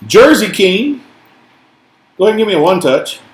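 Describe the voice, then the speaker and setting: Here the host's voice is high and very animated, moving at a moderate pace. He's a man from Tennessee, mildly Southern in accent, keeping a card-break chat casual and joking his way through each card he calls out, with echo from the room around him.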